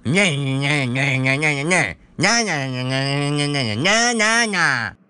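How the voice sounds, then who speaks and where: A man's voice: fairly high pitch, expressive, unhurried, pushed and bright, clear, resonant tone. A man voicing a babbling fat little brother who mostly makes nonsense sounds.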